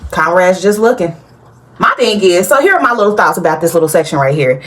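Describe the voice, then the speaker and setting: A woman hosting a casual TV recap, chatty and animated, talking straight to her viewers and laughing often. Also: on the low side, fairly quick. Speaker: TV recap host.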